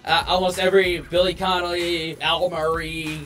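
A man's voice: high voice, level tone, moderate pace, fairly bright tone, soft background music. An American man co-hosting a reaction video, chatting casually and making easygoing jokes. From United States. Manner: easygoing, joking. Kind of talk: casual chat.

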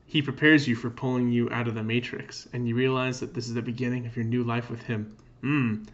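A man's voice: medium pitch, flat delivery, fast talker. Male let's player, mid voice, self-mocking commentary over game text, muffled home recording. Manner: wry, self-mocking asides.

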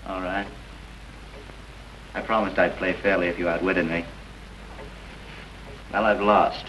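An actor playing a vengeful man unmasked as the killer, speaking calmly and coldly in a 1930s film. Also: deep voice. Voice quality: calm and measured, breaking into mocking laughter. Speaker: villain. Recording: dull, hissy 1930s film soundtrack.

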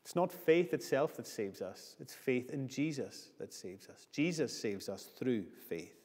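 A man's voice: mid-range voice, expressive, measured pace, darkish tone. A man preaching a sermon earnestly, building his points with repeated phrases. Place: church. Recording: long church reverb.

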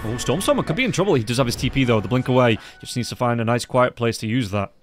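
A man giving rapid play-by-play commentary on an esports match as caster. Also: mid-range voice, soft background music. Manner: rapid, excited play-by-play calls.

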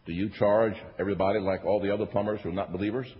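A man's voice: lowish voice, fairly even intonation, racing, a little hiss or hum. A male pastor preaching a sermon to his congregation, working the room with repeated phrases and call-and-response. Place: church sanctuary. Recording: echoey church hall, dull lo-fi sound.

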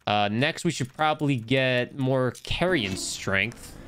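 A young man chatting casually while streaming a game, telling stories with big rises in his voice when excited. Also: takes it slowly, noisy background. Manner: animated storytelling, swings high when excited. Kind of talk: casual gameplay commentary.

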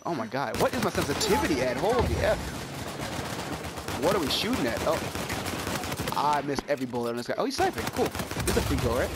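A young man with a cold giving excitable, chatty commentary while playing a shooter game. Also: fairly high pitch, fast, long pauses, very noisy. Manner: excitable, yelps and trails into chatty stories. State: sick with a cold, coughing. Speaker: gaming YouTuber. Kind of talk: casual gameplay commentary. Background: game gunfire.

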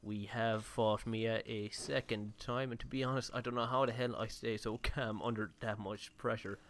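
A man's voice: lowish voice, steady tone, normal speed, a little hiss or hum. A man giving casual, rambling let's-play commentary on his own game session, with mild swearing. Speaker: gaming YouTuber.

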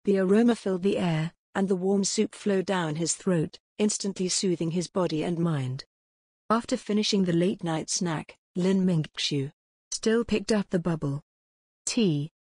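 Breathy woman narrating an audiobook. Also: fairly low pitch, a little slow, darkish tone, no echo, studio quality.

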